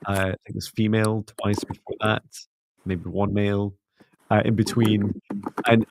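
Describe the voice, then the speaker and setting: A middle-aged man hosting a spiritual livestream, talking in a soft, gently meditative way. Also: fairly low pitch, flat delivery, normal speed, vocal fry, no room sound. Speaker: psychic mentor and livestream host. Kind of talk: casual livestream chat and guided closing.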